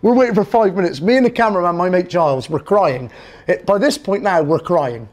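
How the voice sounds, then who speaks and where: A man telling a comic anecdote in a lively, self-amused way. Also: high voice, a little fast. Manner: animated, self-amused storytelling. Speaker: comedian.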